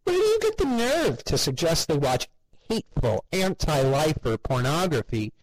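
A man voicing a cheerful, doting middle-aged mother who is oblivious to the horror around her, in a high sing-song voice. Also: sing-song, moderate pace, no echo, low-quality recording. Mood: scolding.

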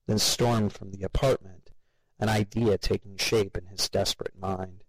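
Guy reading a spooky story, lowish voice, dry close sound. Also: little pitch movement, moderate pace, no room sound, low-quality recording. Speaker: narrator. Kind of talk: storytelling narration.

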